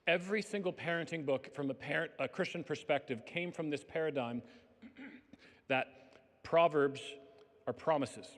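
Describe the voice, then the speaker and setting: Chatty man speaking in a reverberant hall. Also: medium pitch. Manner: conversational, peppered with "like", acts out quotes. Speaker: conference speaker. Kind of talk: conference talk on parenting. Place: conference hall.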